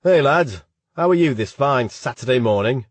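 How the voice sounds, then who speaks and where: Brief: cocky, boastful young student, as a male narrator puts him on, husky voice. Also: mid-range voice, expressive, moderate pace, no echo, lightly acted. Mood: smug. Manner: smug, boastful.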